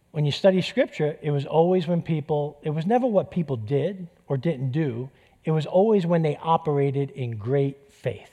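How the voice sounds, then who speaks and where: This pastor is a middle-aged man giving a sermon in a church with a mellow, higher-than-average voice. He talks conversationally, cracks jokes, and repeats important phrases for emphasis.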